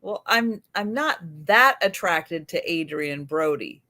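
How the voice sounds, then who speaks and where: A woman's voice: fairly low pitch, expressive, takes it slowly, bright, forceful tone. A woman on a casual live video chat, speaking in a mild, matter-of-fact way. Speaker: guest on a live chat show.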